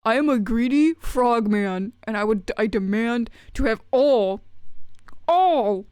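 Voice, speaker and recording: A woman's voice: fairly high pitch, expressive, takes it slowly, darkish tone, smooth, no echo, clean studio sound. A woman streamer voicing a greedy, indignant male pet frog who complains in a whiny, huffy way. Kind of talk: streamer doing a character voice.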